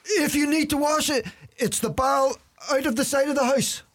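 An actor playing a lazy, sly old Irish uncle who grumbles dry wisecracks, in an Irish accent. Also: male voice, very high voice, fairly even intonation, moderate pace, fairly bright tone. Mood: mischievous. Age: older. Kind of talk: comedy sketch acting.

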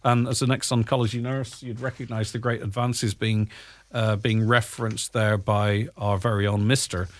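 A man's voice: on the low side, flat delivery. A male radio presenter, chatting casually and wryly with a co-host on air. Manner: chatty, wry, quick to laugh.

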